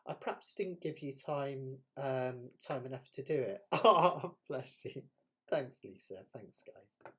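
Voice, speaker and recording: Medium-pitched, a bit bright and slightly rough, this ukulele teacher speaks slowly and expressively in a West Country English accent. He hosts a live jam stream from the West Country of England, chatty, self-deprecating and quick to laugh.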